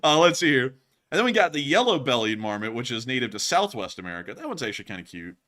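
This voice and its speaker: Excitable bright-voiced male streamer. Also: medium pitch, fast. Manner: excitable, laughs often, bursts into loud exclamations. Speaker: livestream host. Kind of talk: casual live-stream chat.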